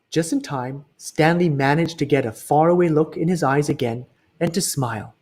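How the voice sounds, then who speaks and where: A man reading a children's book aloud in an expressive way, slowing down for emphasis. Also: on the high side. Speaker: reader.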